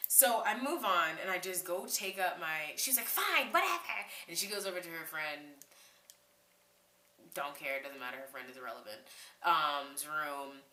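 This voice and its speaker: A young woman telling a casual storytime vlog, animated and slangy, rushing through with lots of "like"s. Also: low voice, reverberant. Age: young adult. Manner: animated, slangy, talks in a rush with many "like"s. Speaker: vlogger.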